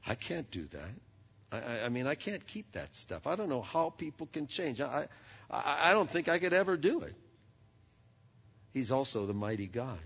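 A man preaching a sermon in a conversational way, often stumbling and repeating words, with lively asides. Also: mid-range voice, husky. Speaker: pastor. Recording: dull sound with long hall reverb.

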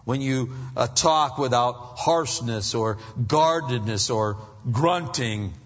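A man gives a casual, lively sermon aimed at married men, slipping into short acted-out exchanges. His voice has a slight husky edge. The recording is muffled and dull, with a long reverb trailing through a large hall. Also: mid-range voice, takes it slowly. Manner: conversational preaching, animated, acts out husband dialogue.

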